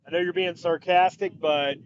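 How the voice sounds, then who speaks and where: High-voiced man hosting a live draft stream. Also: fairly even intonation, moderate pace, highs cut off, a little hiss or hum. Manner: chatty, reads out viewer comments. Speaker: podcast co-host. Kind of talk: casual live draft chat.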